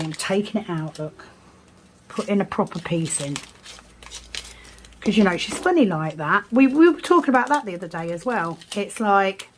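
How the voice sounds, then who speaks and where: A woman chats casually on her vlog as she sorts craft supplies at home. She is self-deprecating and reads numbers out slowly under her breath. Her voice sits at a middle pitch, and a steady hiss runs underneath. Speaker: vlogger. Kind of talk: casual chat while sorting craft supplies. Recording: noisy background hiss.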